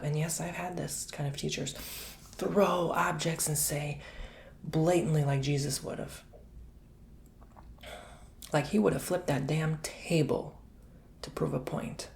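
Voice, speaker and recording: A man giving a soft-spoken ASMR tarot and coffee cup reading, chatty and rambling, with casual slang and whispered asides. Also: fairly high pitch, gravelly, a little hiss or hum.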